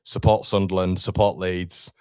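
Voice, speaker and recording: A man's voice: sits low, little pitch movement, normal speed, a little mellow, clean tone, no room sound, studio quality. A young man hosting a live football watchalong, chatting casually with viewers and calling them mate. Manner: chatty, calls viewers mate, reads out chat.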